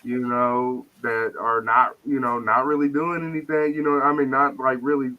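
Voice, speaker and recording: A man's voice: mid-range voice, level tone, moderate pace, phone-quality sound. A man talking in casual, profane, joking banter as a guest on a live podcast stream.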